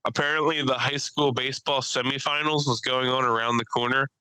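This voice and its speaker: Bright-voiced young man telling stories. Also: a little fast, clean tone, no room sound, poor audio. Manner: animated storyteller who acts out people in high voices. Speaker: podcast co-host and stand-up comic. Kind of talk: casual chat.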